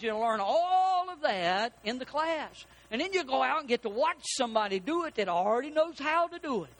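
A man preaching a sermon in a church, folksy and animated, asking his congregation questions. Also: extremely high pitch. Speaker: pastor. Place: church sanctuary.

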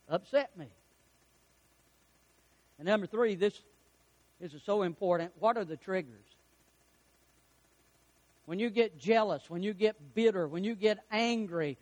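High-voiced preacher man, storytelling. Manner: storytelling preacher, acts out quotes, chuckles at own jokes. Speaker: pastor. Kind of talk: sermon.

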